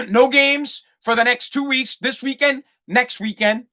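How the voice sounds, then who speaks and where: A man's voice: extremely high pitch, fairly even intonation, unhurried, pushed and bright. A man hosting a solo podcast, ranting heatedly and swearing constantly. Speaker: podcast host. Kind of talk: profane solo podcast rant.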